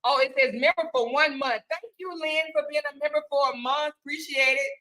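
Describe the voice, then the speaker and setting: A woman hosting a live stream, reading out viewer super chats, excitable, chanting and shouting thanks, swearing casually and laughing often. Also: high voice, fairly quick, low-quality recording. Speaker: livestream host.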